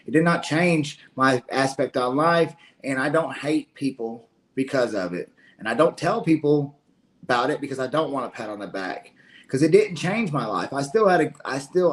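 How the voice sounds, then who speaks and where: A man with a Kentucky Southern accent in casual late-night stream chat, rambling and indignant with many restarts. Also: medium pitch. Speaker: stream co-host.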